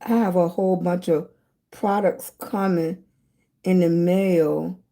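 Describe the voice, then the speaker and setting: A woman's voice: lowish voice, steady tone, slow, mellow. A middle-aged woman hosting a casual live stream, chatting with viewers and greeting them with pet names like baby and sweetie. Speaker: livestream host.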